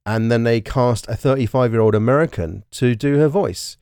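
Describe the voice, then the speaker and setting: A man's voice: medium pitch, normal speed, darkish tone, clean tone, no echo, studio quality. A British man chatting casually about a film, talking in bursts with lots of restarts and the odd swear word. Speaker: podcast co-host. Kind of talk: casual film-discussion chat.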